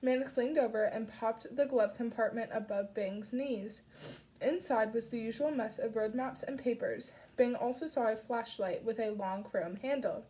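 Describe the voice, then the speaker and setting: A woman reading an audiobook aloud, narrating a dark story with soft shifts for the characters. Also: a little high, moderate pace. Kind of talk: scripted narration.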